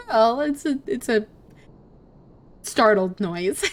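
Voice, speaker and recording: A giggly woman streamer talks through her game in a relaxed, unhurried way and reads the dialogue aloud as she goes. Her pitch is lively and a little high, and she often trips over words and laughs them off. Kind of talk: casual gameplay commentary, reading dialogue aloud.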